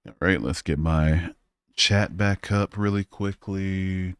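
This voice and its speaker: A man's voice: low voice, steady tone, slow pace, clean tone, dry recording. A man hosting a live stream, chatting casually and profanely while reading and answering comments. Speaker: livestream host.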